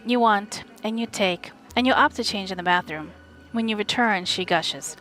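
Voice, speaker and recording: A woman from the USA reads an audiobook aloud on a live stream in a steady, wry first-person voice. Her pitch sits in an ordinary mid range, and faint music plays underneath. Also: brisk.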